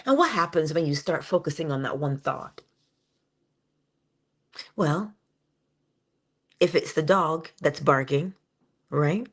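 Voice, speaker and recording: A woman giving a conversational spiritual talk on meditation, with playful asides and slow, drawn-out emphasis on key words. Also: low voice, animated. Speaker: inspirational speaker.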